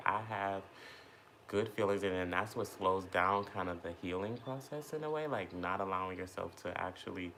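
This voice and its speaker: Eating on camera, this man muses introspectively about his feelings, wandering from thought to thought and leaning heavily on fillers. His voice is low and gravelly yet a bit bright, with slight background noise.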